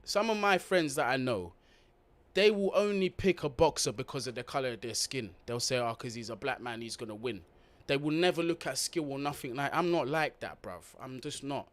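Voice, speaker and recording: A man calls a football match live for his watch-along viewers. His voice sits in an ordinary middle pitch, and his talk is blunt, slangy and full of swearing. He speaks straight to his audience as he goes. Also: lively intonation, normal speed. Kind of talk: casual live football commentary.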